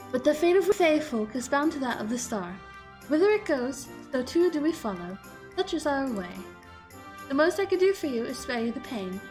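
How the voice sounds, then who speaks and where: A small, haughty fairy ruler speaks in a high, lofty voice, playful and imperious, as a woman puts her on. Her lines come out grand and teasing, slightly lifted in volume. Faint game music plays underneath. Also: darkish tone.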